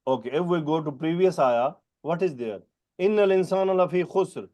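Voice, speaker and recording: Warm in tone, fairly high and expressive, this man's voice belongs to a teacher with non-native English giving a Quran grammar lesson. He quizzes students by name and goes over terms slowly.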